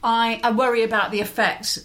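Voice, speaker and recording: A woman talking as a guest author in a relaxed podcast chat. She is animated and chatty and laughs often. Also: on the high side, fairly quick. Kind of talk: casual chat.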